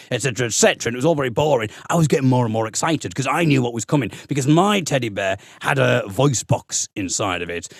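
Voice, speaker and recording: A man's voice: fairly high pitch, gravelly, no echo, studio quality. A man, a comedian guest, telling a childhood story in casual podcast chat and slipping into silly voices. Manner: animated storyteller who slips into silly voices.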